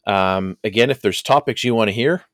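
Podcast co-host: a middle-aged Canadian man, relaxed and joking, recorded dry and close. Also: lowish voice, a little fast, dry recording. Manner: laid-back, joking. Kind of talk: casual chat. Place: home basement.

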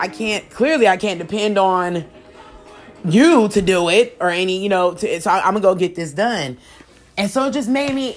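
A young adult woman talking frankly and expressively to her viewers in a casual monologue, full of slang. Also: mid-range voice. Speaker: vlogger. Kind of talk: candid casual monologue to camera.

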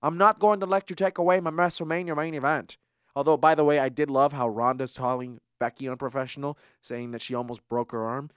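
A co-host of a wrestling podcast, telling the story in a fired-up, animated way. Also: mid-range voice, fairly quick, clear, resonant tone, no echo, studio quality. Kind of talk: casual wrestling podcast chat.

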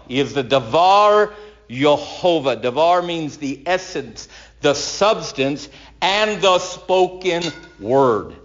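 A man preaching a sermon, storytelling dramatically and swinging from loud declarations to hushed tones. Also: on the high side, lo-fi sound.

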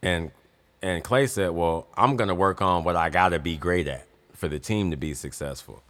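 A man's voice: sits low, normal speed, a bit bright. A young man co-hosting a casual sports podcast, emphatic and insistent, hammering his points with repetition. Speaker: podcast co-host, son.

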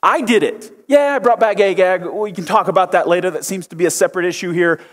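Guy putting on a whiny high-pitched king, petulant and defensive, big echoey hall. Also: fast talker. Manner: whiny, childish protesting. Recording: long hall reverb.

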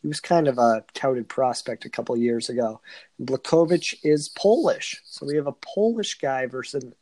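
A man's voice: mid-range voice, moderate pace, a little mellow, no echo. A man co-hosting a podcast, running through fight news in a matter-of-fact way. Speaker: podcast co-host. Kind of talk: casual news rundown.

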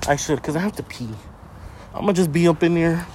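Young guy venting in his car, loud mouth, lots of cussing, kinda high voice, faint road noise. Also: a little fast. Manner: brash, profane, joking. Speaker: vlogger. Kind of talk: casual monologue vlog. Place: in a parked car.

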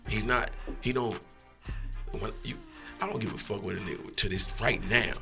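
Gravelly-voiced man telling rambling stories. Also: on the low side, normal speed, music in the background. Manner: laid-back, profane, rambling anecdotes. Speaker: rapper guest. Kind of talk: casual storytelling.

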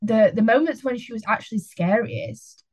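A woman's voice: fairly high pitch, very animated, moderate pace, darkish tone, husky, highs cut off. A young woman co-hosting a film review podcast, chatting enthusiastically and saying "like" a lot. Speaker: podcast co-host. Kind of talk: casual film review chat.

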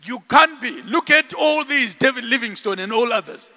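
A man preaching a sermon, animated, shouting and laughing with the congregation. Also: extremely high pitch, normal speed. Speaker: pastor. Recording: long hall reverb.

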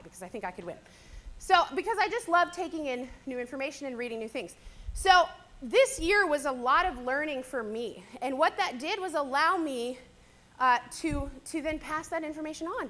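Young woman teacher, high voice, bright tone, giving a chatty church talk. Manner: chatty, animated storyteller. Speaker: teacher speaking to a church audience. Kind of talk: personal sermon-style talk.

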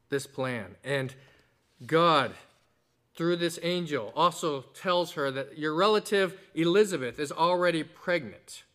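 Guy preaching a sermon, kinda high voice, leans hard on key words, chatty asides. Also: a bit bright. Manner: earnest, explanatory, with rising emphasis on key words; conversational asides and fillers. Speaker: pastor.

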